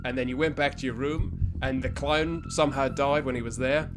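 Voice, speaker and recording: A man's voice: medium pitch, fairly even intonation, normal speed, noisy background. Rambling man accusing in jest. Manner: rambling, accusing in a mock-detective style. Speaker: podcast co-host and player. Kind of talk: comedic tabletop role-play.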